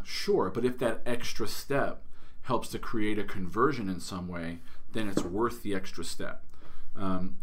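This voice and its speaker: A man in his thirties with a lowish voice chats casually on a podcast about marketing tips. He talks loosely, full of fillers and restarts. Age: 30s. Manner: chatty, lots of fillers and restarts. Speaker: podcast host.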